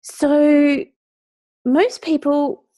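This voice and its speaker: A woman's voice: high voice, drawn-out words. A woman coach giving a live online training, talking casually and acting out little inner voices as she explains. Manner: animated, acts out inner voices.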